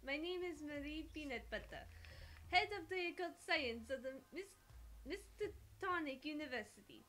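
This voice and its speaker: A woman's voice: high voice, expressive, moderate pace, sharp tone, a little hiss or hum. A young woman voicing a theatrical French woman who heads an occult school, with a put-on French accent and a playful, grand storytelling manner, reading game dialogue aloud. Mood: hammy.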